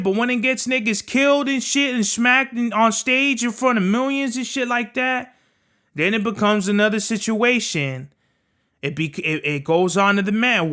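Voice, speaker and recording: A man's voice: extremely high pitch, pushed and bright, clean tone. A young man hosting a podcast, ranting in a casual, profane, emphatic way and tacking "bruh" onto nearly every sentence. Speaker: podcast host. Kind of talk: casual opinion rant.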